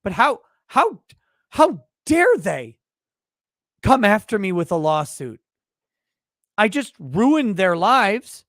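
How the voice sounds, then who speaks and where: A man's voice: high-pitched, big pitch swings, slow pace, long pauses, a bit bright, dry recording, clean studio sound, exaggerated voice. A man putting on the voice of a whiny, self-righteous litigant who is outraged at being sued, in a mocking, sarcastic tone. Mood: mock outrage.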